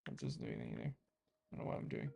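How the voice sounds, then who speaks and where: Young guy from America, coding vlogger who mutters and thinks out loud, soft music in the background. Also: rumbling low, huge pitch swings, very fast, creaky, slightly rough, dull audio. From United States. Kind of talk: casual live coding chat.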